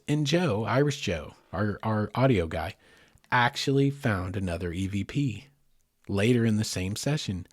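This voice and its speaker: A man's voice: fairly low pitch, a little mellow, slightly rough, no echo, clean studio sound. A middle-aged man hosting a podcast, telling a story casually and with animation, speaking directly to his listeners. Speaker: podcast host.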